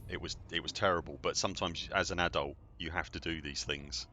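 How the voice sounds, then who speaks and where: A man's voice: deep voice, steady tone, brisk, pushed and bright, slight background noise. A man, chatting and joking in a rambling way as a game streamer at home. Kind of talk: casual livestream chat.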